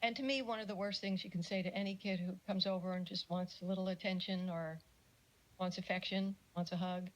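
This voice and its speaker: A middle-aged woman giving a casual lecture on parenting, chatty and animated, with jokey asides and little acted-out quotes. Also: lowish voice, brisk, poor audio. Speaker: speaker giving a talk on parenting.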